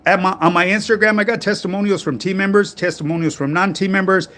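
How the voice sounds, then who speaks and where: A man's voice: high-pitched, steady tone, fast talker, a bit bright. A middle-aged man, hosting a casual fitness livestream, reading viewer comments in a laid-back manner full of street slang. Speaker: fitness coach livestream host.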